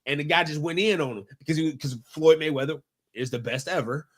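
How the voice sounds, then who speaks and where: A man co-hosting a casual sports talk show, often stopping and restarting his sentences as he makes a point. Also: a little high. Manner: halting, frequent restarts. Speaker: podcast co-host.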